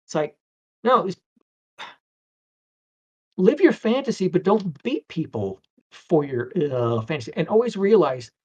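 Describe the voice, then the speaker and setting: A man's voice: on the high side, a little mellow. A middle-aged man talking casually as an interview guest, rambling through anecdotes with stammers and acted-out quotes.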